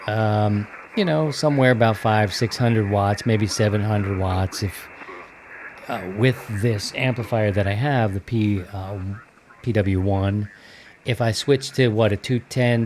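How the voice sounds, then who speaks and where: Male podcast host, low-pitched, easygoing rambling chat. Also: a little slow, background noise. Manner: loose and rambling, with many fillers. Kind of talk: casual chat.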